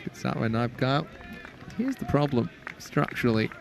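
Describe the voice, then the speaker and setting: A man giving live cricket commentary in a chatty way, rising with excitement when a wicket falls. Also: medium pitch, normal speed, creaky.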